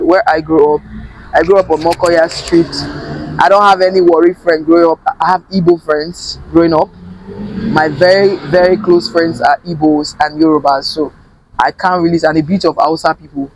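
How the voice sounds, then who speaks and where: A woman's voice: lowish voice, moderate pace, a little hiss or hum, poor audio. A young adult Nigerian woman being interviewed as an actor, talking animatedly and switching between English and Pidgin. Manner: animated, mixing English with Pidgin, laughs often. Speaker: actor guest. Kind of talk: casual interview chat.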